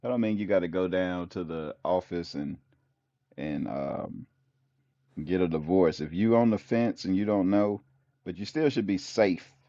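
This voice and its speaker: Deep-voiced man giving folksy advice. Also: measured pace, warm tone, no echo, highs cut off. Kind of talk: casual advice talk.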